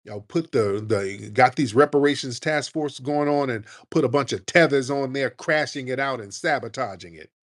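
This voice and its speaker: A man hosting a talk radio show, ranting in a combative, mocking, animated way. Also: mid-range voice, moderate pace, few pauses. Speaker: radio host.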